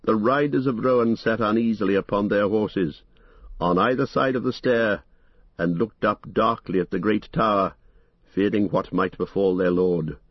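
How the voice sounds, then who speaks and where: A man reading a fantasy novel as an audiobook, in a steady, measured way. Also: fairly low pitch, no echo, muffled recording. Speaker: narrator. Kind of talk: scripted audiobook narration.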